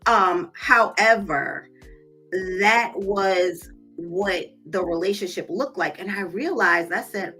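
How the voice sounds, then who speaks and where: A woman's voice: medium pitch, a little slow, bright, forceful tone, husky, soft background music. A woman hosting a live stream, who tells her own story candidly and speaks straight to her viewers. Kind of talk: casual live-stream talk.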